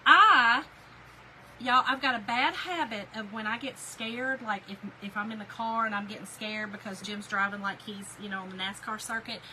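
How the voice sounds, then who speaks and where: A woman's voice: fairly high pitch, normal speed, a little hiss or hum, poor audio. A woman, animatedly telling a story to her viewers while she crafts. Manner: animated, chatty, addresses viewers as y'all. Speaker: crafting livestream host.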